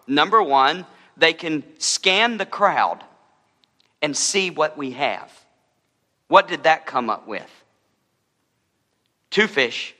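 A man's voice: a little high, bright, forceful tone, big-room sound. A man preaching a sermon as a pastor, in a conversational style with humorous asides.

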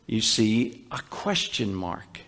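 A male pastor preaching a sermon, teaching patiently, with frequent restarts and slowed, emphatic scripture quotes. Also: lowish voice, sing-song, fairly bright tone.

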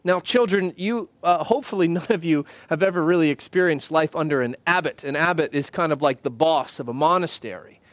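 High-voiced man preaching a sermon. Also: dry recording. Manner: earnest, measured preaching with emphatic slowed phrases. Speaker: pastor. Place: church.

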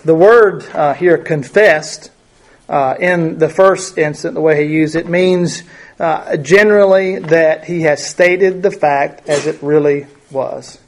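Reading scripture aloud and unpacking it in a conversational manner, a man teaches a Bible study, leaning on many fillers and rhetorical questions. His voice is on the high side, and he speaks slowly.

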